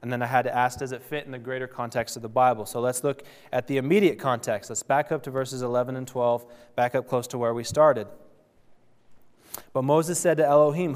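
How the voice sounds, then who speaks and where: A man preaching a sermon, explaining scripture and softly, slowly voicing God's words. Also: mid-range voice, steady tone, clear, resonant tone. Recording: long hall reverb.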